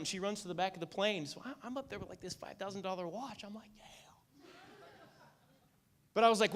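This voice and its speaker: Guy doing a motivational keynote on stage, bright forceful voice, acts out the story, keeps checking in with the crowd. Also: sits high, quick pace. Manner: animated storyteller, acts out lines, asks "okay?" and "right?" often. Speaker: keynote speaker and magician.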